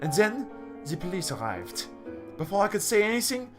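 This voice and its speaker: A man voicing a sweet, naive young female cat noble in a game, in a high, bubbly tone. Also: big pitch swings, moderate pace, music in the background.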